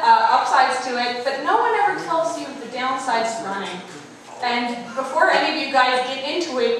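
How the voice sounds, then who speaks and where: A woman in her twenties from Prince Edward Island, Canada, doing a self-mocking, deadpan stand-up set on a small bar stage. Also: high-pitched. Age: 20s. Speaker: stand-up comic. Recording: echoey bar room from far off.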